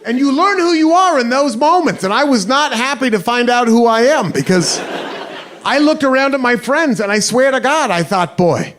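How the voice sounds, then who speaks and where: A man's voice: very high-pitched, expressive, normal speed, fairly bright tone. A man doing stand-up storytelling, self-mocking and acting out the scene. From United States. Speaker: stand-up comedian. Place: theater stage before a live audience. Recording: live show with audience laughter and noise.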